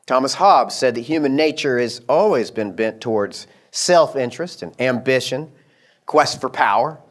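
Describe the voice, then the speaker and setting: A man giving a conference lecture in a measured, deliberate way, pausing with fillers. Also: medium pitch, animated.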